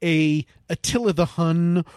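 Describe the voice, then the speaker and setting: A man's voice: fairly high pitch, a little slow, smooth, no echo, clean studio sound. A man co-hosting a casual movie commentary podcast, trading wry jokes and asides. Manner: wry, joking asides, animated. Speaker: podcast co-host.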